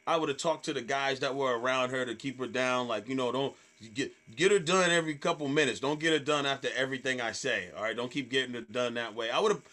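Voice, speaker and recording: A man, a comedian, telling stage stories in casual chat, swearing freely and acting out hecklers in loud voices. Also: medium pitch, quick pace, few pauses. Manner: animated storyteller, acts out hecklers in loud voices. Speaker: stand-up comedian guest.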